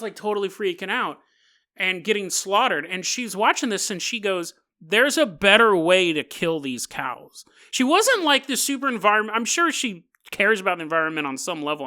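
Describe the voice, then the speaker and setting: A man's voice: high voice, animated, a little fast, bright, forceful tone. A man hosting a podcast, rambling casually through a story with jokes and frequent laughter. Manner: rambling, jokey, laughs often mid-sentence. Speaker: podcast host. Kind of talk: casual solo podcast monologue.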